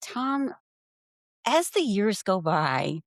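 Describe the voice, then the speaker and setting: A woman's voice: medium pitch, very animated, drawn-out words, no room sound, studio quality. A woman co-hosting a podcast in casual chat, laughing often and acting out what others said. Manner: chatty, laughs often, acts out quotes. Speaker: podcast co-host.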